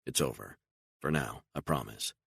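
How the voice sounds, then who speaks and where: A frightened, emotional woman on the run, as a deep-voiced man narrator puts her on in an audiobook. She pleads and protests in disbelief, lifting her pitch high above his gravelly baseline. The sound is close and dry. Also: moderate pace, fairly bright tone, dry recording, exaggerated voice. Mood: distraught. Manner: pleading, incredulous, raising voice.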